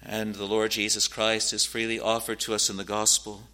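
Man preaching, bright voice, solemn, earnest, quotes scripture. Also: fairly low pitch, monotone, moderate pace. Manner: solemn, rising to urgent warnings; quotes scripture in old-fashioned wording. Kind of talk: sermon.

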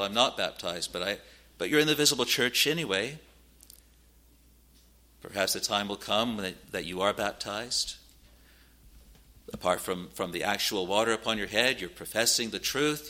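A man's voice: fairly low pitch, bright, forceful tone. A man preaching a sermon in a solemn, earnest manner, quoting scripture in old-fashioned wording. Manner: solemn, rising to urgent warnings.

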